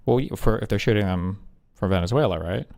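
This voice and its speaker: A man's voice: on the low side, fairly quick, gravelly, darkish tone. Skeptical man debating online. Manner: skeptical, asks for sources, reads aloud.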